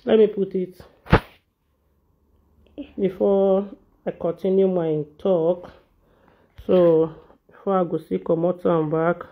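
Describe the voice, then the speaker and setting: A woman's voice: lowish voice, steady tone, slow pace, pauses often. A woman with a Nigerian Pidgin accent ranting to her viewers, repeating phrases to drive each point home. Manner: emphatic, repeats phrases for stress. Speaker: vlogger. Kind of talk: casual ranting monologue. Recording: dull lo-fi audio.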